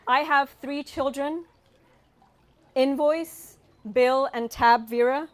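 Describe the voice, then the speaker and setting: A British-raised woman in her forties doing a stand-up set, with a British accent softened by California and a wry, punchline-driven way of telling stories. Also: high voice, measured pace, some chatter behind. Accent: British with a slight Californian tinge. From United Kingdom. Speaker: stand-up comedian.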